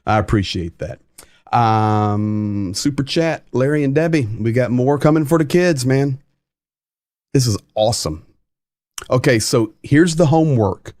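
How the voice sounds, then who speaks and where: A man's voice: mid-range voice, measured pace, darkish tone, no room sound, studio quality. A man hosting a casual livestream, chatting and reading viewer comments aloud with emphasis. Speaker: livestream host.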